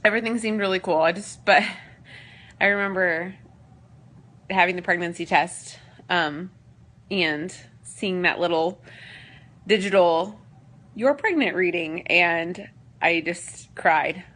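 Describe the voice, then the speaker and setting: A woman's voice: lowish voice, steady tone, takes it slowly, pauses often, a bit bright. A pregnant woman in her late twenties, talking on the verge of tears in a rambling, personal vlog full of fillers. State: teary. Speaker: vlogger.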